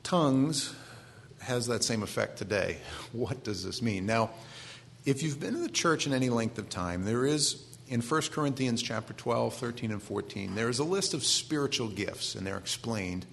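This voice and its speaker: Male pastor, 40s, Maine accent, easygoing conversational sermon, middle pitch. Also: expressive, moderate pace, vocal fry, fairly bright tone, a little hiss or hum. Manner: conversational, self-deprecating asides.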